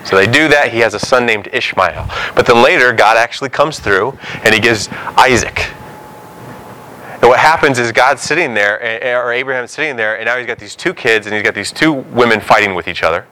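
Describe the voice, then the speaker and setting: A man preaching a sermon, telling biblical stories with animated storytelling and acting out the dialogue. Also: medium pitch, brisk, poor audio.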